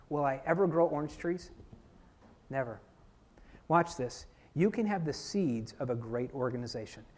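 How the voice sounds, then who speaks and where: A man from Florida giving a conference keynote talk, telling stories and working the audience with questions. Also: fairly high pitch. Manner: lively storytelling, works the audience. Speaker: keynote speaker. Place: conference hall.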